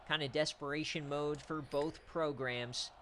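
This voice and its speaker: A man giving loose, excitable live-stream commentary on simulated football games, cheering, trash-talking and dropping casual slang. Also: a little high, a little slow, a little hiss or hum. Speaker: online dynasty league streamer.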